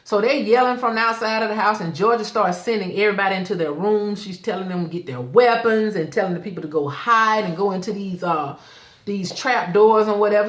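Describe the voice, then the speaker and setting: A woman with a drawl tells an episode's story in a chatty, animated way. She slips into the characters' voices as she goes. Her voice sits at a middle pitch, and the room gives it a noticeable echo. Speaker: show host reviewing a TV episode. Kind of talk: casual episode recap.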